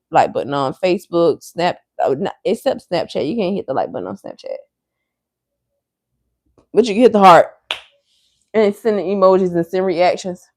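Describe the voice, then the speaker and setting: A woman's voice: on the low side, a little mellow, dry recording, clean studio sound. Woman ranting loosely on a livestream. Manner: profane, ranting at commenters; loose, rambling talk to viewers. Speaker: livestream host. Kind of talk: casual livestream chat.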